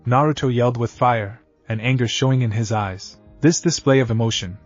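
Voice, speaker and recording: A man narrating a scripted fan-fiction story in an even, read-aloud manner. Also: mid-range voice, fairly quick, lo-fi sound, faint music behind.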